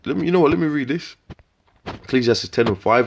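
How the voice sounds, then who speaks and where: A man preaching scripture in a profane, scornful rant, with slang, repeated words and sudden loud outbursts. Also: medium pitch, expressive, brisk, long pauses, dull audio, background noise. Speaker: street preacher.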